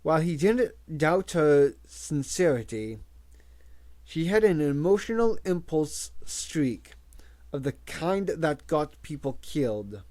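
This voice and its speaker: Slow, expressive male audiobook reader. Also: a little high. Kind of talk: audiobook reading.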